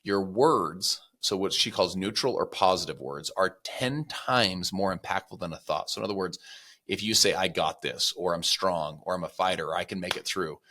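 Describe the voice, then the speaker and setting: A man who is a podcast guest, telling motivational stories and acting out the people he quotes with lively voices. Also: low voice. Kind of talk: motivational storytelling.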